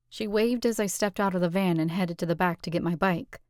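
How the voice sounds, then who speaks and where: Brief: woman audiobook narrator, expressive and steady, dry close sound. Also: on the low side, brisk, hardly any pauses, no room sound. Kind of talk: scripted narration.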